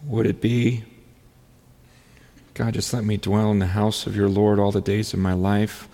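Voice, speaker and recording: A man preaching a sermon in an earnest, halting way, with many restarts, often rising into fervent, pleading prayer. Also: fairly low pitch, flat delivery, warm tone. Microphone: handheld or stand mic on stage. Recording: long hall reverb.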